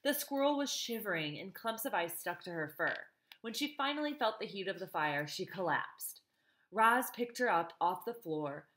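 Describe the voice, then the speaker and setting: A woman's voice: on the low side, fairly bright tone. A woman reading a novel aloud, stopping for chatty asides to her listeners. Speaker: reader.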